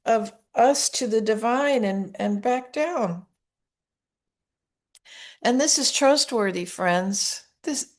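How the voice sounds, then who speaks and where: A woman hosting a podcast, gently guiding listeners through a reflective practice in an unhurried way with small restarts. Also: a little high. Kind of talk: reflective guided practice talk.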